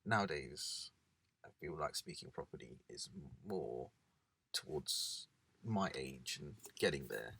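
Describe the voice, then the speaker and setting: A man's voice: very deep voice, lively intonation, takes it slowly, creaky, bright, forceful tone, slightly rough, dry recording. A young man co-hosting a casual chat in a parked car, laid-back and rambling with plenty of fillers. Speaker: co-host.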